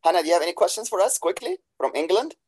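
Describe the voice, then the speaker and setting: A man's voice: sits high, big pitch swings, racing, a little mellow, slightly rough, poor audio. A man teaching in an online webinar, speaking in slightly broken English and praising his students freely. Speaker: practitioner and instructor. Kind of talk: webinar talk.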